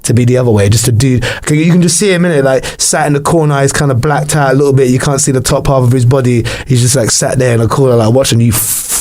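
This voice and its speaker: A man's voice: medium pitch, steady tone, fast talker, hardly any pauses, a little mellow. A young man telling rambling, crude stories in casual podcast chat, full of fillers and restarts. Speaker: podcast co-host.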